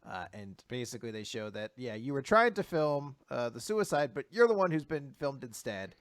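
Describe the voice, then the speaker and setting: A man's voice: mid-range voice, very animated, normal speed, no room sound. A man recapping manga chapters in a loose, profane podcast chat, breaking into laughter and acting out bits of dialogue. His voice sits in an ordinary middle register. The sound is dry and close, with no room behind it. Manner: profane, laughing, acts out quotes. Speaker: podcast co-host.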